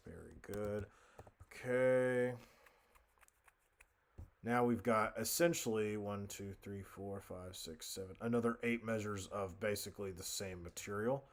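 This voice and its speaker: A man's voice: lowish voice, fairly even intonation, unhurried, creaky, a little hiss or hum. A young man narrating a casual music-writing tutorial, thinking aloud at his computer with many fillers and self-corrections. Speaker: music composition instructor.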